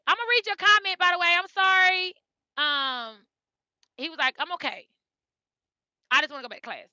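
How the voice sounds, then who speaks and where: A woman's voice: high voice, bright, forceful tone, no room sound, lo-fi sound. A woman in her thirties, a mother telling her viewers a family story in a casual, emotional way, often repeating herself. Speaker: mother and vlogger.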